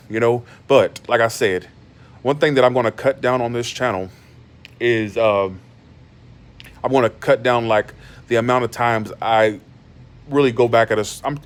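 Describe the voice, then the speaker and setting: A man hosting a tarot channel, ranting bluntly in casual livestream talk and repeating himself for emphasis. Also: medium pitch.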